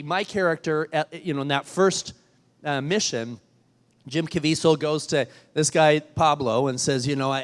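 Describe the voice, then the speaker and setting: A man with a slightly raised pitch tells a story as the keynote at a gala. He speaks earnestly and with emphasis, stumbling on repeated words as he builds each point. His voice rings out through a large hall with a long, trailing reverb.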